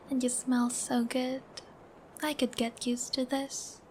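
A young woman acts out a bashful, smitten girlfriend in a whispered role-play, her high voice drifting in and out of breathy whispers. She giggles between thoughts and babbles tenderly, and she takes her time with every word. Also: level tone, slow pace, slight background noise. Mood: shy, tender. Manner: giggly, babbling, soft and affectionate. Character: shy giggly young woman, newly in love.

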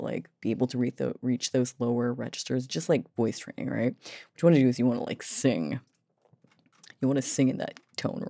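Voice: mid-range voice, vocal fry, mellow, no room sound, clean studio sound. Rambling, self-mocking voice-training vlogger. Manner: rambling, profane, self-mocking, laughs a lot. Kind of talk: casual voice-training vlog.

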